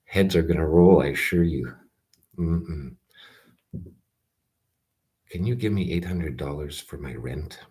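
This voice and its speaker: A man with an extremely deep, low-pitched voice delivers a loose, rambling rant straight to camera. His tone is sarcastic, and he keeps cutting himself off with fillers and restarts. He sounds like a vlogger airing grievances in one long, meandering take. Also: slow pace, pauses often, warm tone. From Calgary, Canada.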